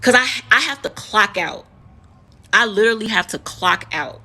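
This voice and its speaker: In this emotional storytime vlog, a thirty-something American nurse recounts a heated story full of profanity, hammering words through repetition. She speaks at normal speed in a mid-range voice that is animated, bright and forceful.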